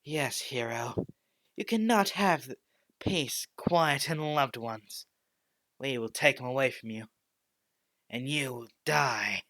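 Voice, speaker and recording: A man voicing a cruel young male villain who delivers his lines as slow, sneering taunts. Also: mid-range voice, expressive, creaky, a bit bright, pitched above the performer's own voice. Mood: mocking.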